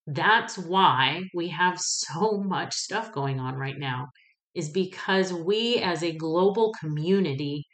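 Female podcast host, low-ish voice, candid and salty, animated storyteller, roomy echo on the recording. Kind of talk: casual personal monologue. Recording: echoey room.

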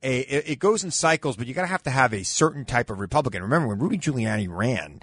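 A man's voice: medium pitch, expressive, fast, fairly bright tone, slightly rough, no room sound. A man co-hosting a political talk radio show, speaking in a skeptical way and interrupting often, into a studio microphone. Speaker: radio co-host.

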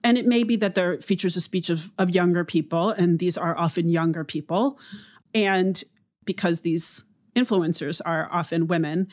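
A woman linguist explaining speech features in a measured, academic interview manner. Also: fairly low pitch. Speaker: linguist guest.

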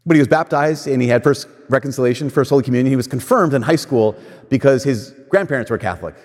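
A man's voice: mid-range voice, quick pace, darkish tone. A man giving a casual, conversational sermon, telling stories and acting out what people said. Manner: conversational storytelling, acts out quoted voices. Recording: long church reverb.

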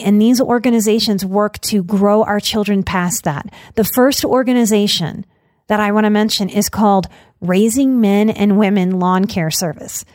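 A woman's voice: medium pitch, darkish tone, dry recording, clean studio sound. A woman hosting a podcast, speaking earnestly and with emotion as she makes an announcement to her listeners. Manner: earnest, emotional, choked up at times. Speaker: podcast host. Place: Denver.

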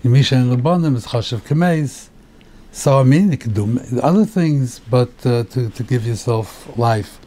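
A rabbi giving a Torah class on the weekly portion, explaining the text step by step, asking rhetorical questions and mixing in Hebrew terms. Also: male voice, medium pitch, lively intonation, moderate pace, warm tone.

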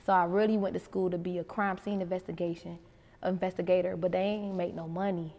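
Miami woman, animated guest storyteller, casual, hall reverb. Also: on the low side, brisk. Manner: animated storyteller acting out quotes. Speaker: interview guest. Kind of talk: casual interview chat.

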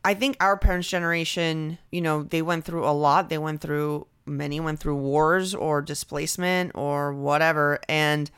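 A woman co-hosting a casual chat, giggly and expressive, often acting out voices. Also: low voice, moderate pace, few pauses, smooth. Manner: giggly, expressive, mimics her dad.

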